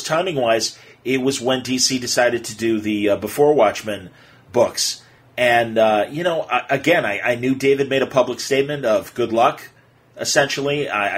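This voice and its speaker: A man hosting a podcast, telling stories in a casual, animated way with lots of fillers. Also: medium pitch, slightly rough. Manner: animated, excitable storyteller with many fillers. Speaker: podcast host.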